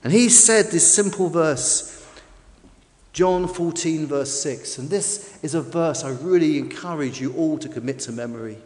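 A man's voice: fairly high pitch, unhurried, darkish tone, big-room sound. A man preaching a sermon with an emphatic, varied delivery.

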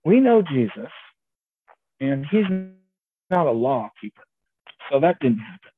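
A man's voice: mid-range voice, very animated, a little slow, soft background music. A man voicing rigid, pompous male religious leaders in a sermon, lecturing and dismissive. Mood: indignant. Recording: tinny phone-like sound, faint hiss.

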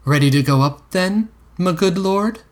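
A man reading a story aloud and voicing a bold, sharp-tongued adult woman with a lifted pitch. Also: animated, measured pace. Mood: teasing. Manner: coy, teasing, turning scornful.

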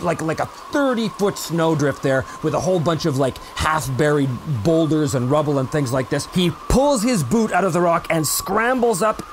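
A man's voice: on the high side, slight background noise. A man narrating a tabletop role-playing game as game master, telling the story dramatically with fillers and restarts.

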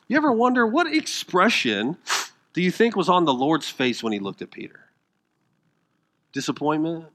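A man preaching a sermon as pastor, dramatic, rising to loud emphasis, then dropping to hushed tones, asking the congregation questions and acting out the quoted lines. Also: medium pitch, gravelly.

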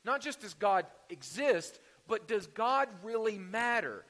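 A man's voice: sits high, sing-song, a little slow, a bit bright, big-room sound. A man preaching a sermon in a conversational way, with jokes and rhetorical questions. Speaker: pastor.

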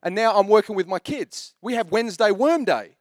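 A man's voice: sits high, expressive, brisk, no echo, studio quality. A man in his thirties preaching a sermon as pastor, telling jokey stories in a chatty way. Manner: chatty, joking storyteller.

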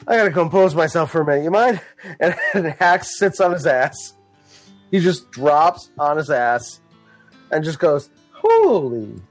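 A swaggering male bard with a foul mouth and a flair for drama, as a player puts him on. He drawls very slowly in a fairly high voice, sounding theatrical and exasperated. Faint music plays behind him.

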